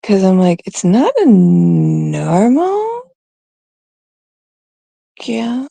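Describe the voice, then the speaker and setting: A woman's voice: mid-range voice, very animated, very slow, vocal fry, mellow, no echo. A woman from Canada hosting her own livestream, talking in a gossipy, confiding, rambling way. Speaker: streamer, host of her own show. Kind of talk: casual livestream chat.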